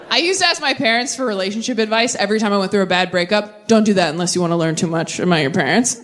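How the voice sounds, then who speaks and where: A young woman doing live stand-up and crowd work, brash and profane, with quick tangents. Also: mid-range voice, fairly bright tone, a little hiss or hum. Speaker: stand-up comedian. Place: comedy stage before a live audience.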